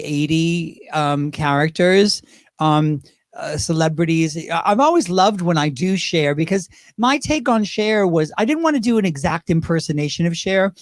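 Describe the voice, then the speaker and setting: A man with a high voice chats as a talk-show guest, lively and full of asides and restarts. He is close on the mic in a dry room. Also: no room sound. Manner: chatty, animated, lots of restarts and asides. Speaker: guest, drag performer. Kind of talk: casual interview chat.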